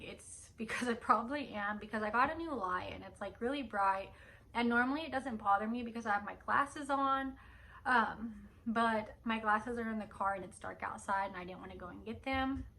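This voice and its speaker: A woman's voice: a little high, bright, forceful tone, a little hiss or hum. A young woman chatting casually in a home vlog at night, rambling with lots of fillers. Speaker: vlogger. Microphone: camera on a stand.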